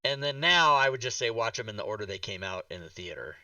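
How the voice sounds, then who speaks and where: A man hosting a podcast, telling a rambling, animated story full of swearing and acted-out reactions. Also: lowish voice, fast talker, no echo, distant mic, rough recording. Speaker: podcast host. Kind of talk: casual chat.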